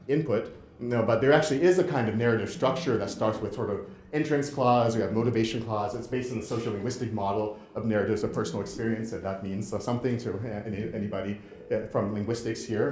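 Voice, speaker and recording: A man giving a lecture and running an interactive game demo, talking in a halting way with many restarts. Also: on the low side, darkish tone, echoey room. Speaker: presenter.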